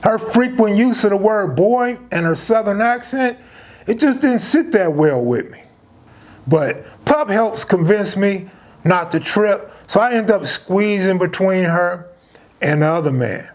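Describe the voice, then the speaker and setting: High-voiced man telling street stories. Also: lively intonation, measured pace. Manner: casual street slang, conversational. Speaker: storyteller. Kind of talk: true-crime street storytelling.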